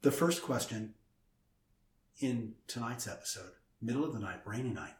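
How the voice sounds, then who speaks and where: A man's voice: medium pitch, animated, far from the mic. Teasing man with a roomy echo. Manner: teasing, drawn-out, stalling with breathing exercises. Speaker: host. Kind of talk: playful casual chat. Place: indoors at a table.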